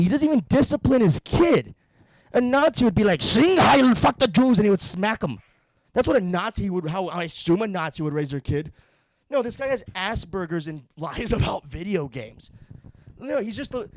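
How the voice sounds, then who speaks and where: A young podcast host with a high-sitting, slightly mellow voice delivers a comedic monologue that's blunt, profane, and rambling, restarting often. The recording is dry.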